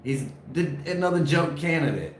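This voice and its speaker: A man co-hosting a casual podcast chat, joking around and laughing often. His voice sits a little high and swings widely in pitch. He sounds echoey, with a faint noise floor behind him. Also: animated, normal speed. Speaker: co-host.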